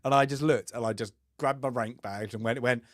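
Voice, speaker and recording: A man's voice: medium pitch, a little fast, fairly bright tone, dry recording, clean studio sound. A man co-hosting a film review podcast, chatting casually, telling stories with frequent laughs and acting out the voices of people he quotes. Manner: chatty storyteller who laughs often and acts out quoted voices. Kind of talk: casual chat, telling an anecdote.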